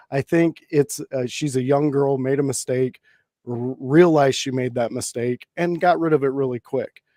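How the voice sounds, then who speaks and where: A man's voice: mid-range voice, dark tone, no room sound, clean studio sound. A man co-hosting a casual livestream chat, talking thoughtfully and hesitantly with many fillers. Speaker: podcast co-host.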